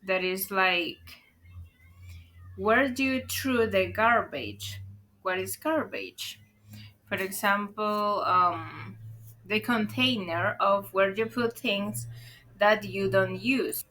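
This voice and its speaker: Bright, unhurried woman, teaching an online English lesson and checking in with her viewers. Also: mid-range voice, a little hiss or hum. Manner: explains patiently, asks "right?" often, calls viewers "guys".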